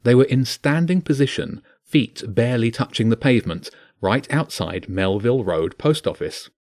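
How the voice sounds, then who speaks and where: A man's voice: medium pitch, normal speed, no room sound, clean studio sound. A man narrating a children's fantasy book, voicing each character. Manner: expressive, voices each character.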